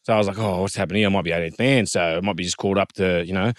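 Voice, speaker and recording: An Australian man in his thirties, a former rugby league player telling an animated story in casual chat, quoting others in lively voices. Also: deep voice, racing, no room sound, studio quality.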